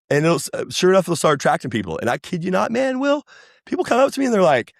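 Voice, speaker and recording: A man, chatting casually as a podcast guest, rambling and animated. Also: sits high, fast, gravelly, no room sound, clean studio sound. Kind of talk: casual chat.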